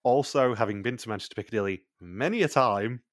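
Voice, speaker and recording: A man's voice: mid-range voice, quick pace, no room sound, clean studio sound. A man co-hosting a podcast, recapping a TV show in casual chat, blunt and swearing freely. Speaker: podcast co-host.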